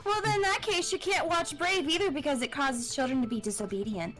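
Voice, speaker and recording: A woman's voice: sits high, fairly quick, fairly bright tone, soft background music. A woman co-hosting a game stream, dropping dry, amused remarks into casual chat. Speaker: co-host.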